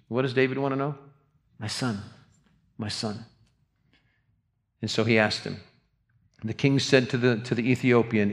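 An older man preaching a sermon, earnest and often repeating himself, dropping to a soft voice in tender passages. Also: medium pitch. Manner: earnest, repeats words, drops to soft tones for grief. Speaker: pastor.

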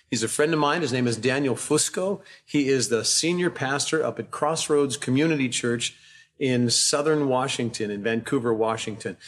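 Home pastor, man in his 60s, mid-pitched, warm and affectionate introducer. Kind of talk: church welcome and introduction.

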